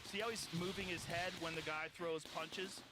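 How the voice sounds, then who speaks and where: A man's voice: on the high side, fairly even intonation, moderate pace, very noisy. A man talking animatedly and profanely as a podcast host in casual chat.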